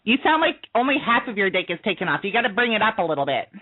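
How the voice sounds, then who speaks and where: A male caller putting on a high, giggly woman's voice and rambling with crude jokes. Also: big pitch swings, rapid-fire. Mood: gushing. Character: giddy high-voiced flirty woman, silly and breathless. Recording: tinny phone line over radio.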